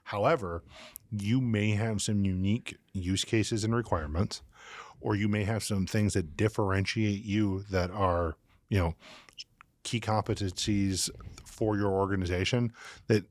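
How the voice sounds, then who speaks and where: A man explaining technical choices in a measured, methodical way as a podcast guest. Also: on the low side, steady tone, no room sound.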